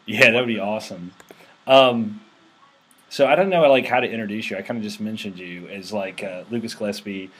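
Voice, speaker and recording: A man's voice: on the low side, fairly quick, fairly bright tone, husky. A man hosting a casual tech show, rambling with lots of fillers and restarts. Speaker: host. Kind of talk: casual screen-recorded tech chat.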